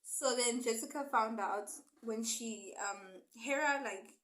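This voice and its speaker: A woman's voice: fairly high pitch, takes it slowly, roomy sound, low-quality recording. Chatty woman retelling a book plot. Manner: animated, chatty storytelling with sudden loud bursts. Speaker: book reviewer.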